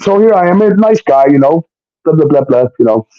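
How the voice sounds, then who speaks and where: A male show guest tells a long, profane story of his own, swearing often and animatedly acting out the voices of the people in it. His voice is fairly high and a little fast, with no echo, on dull lo-fi stream audio.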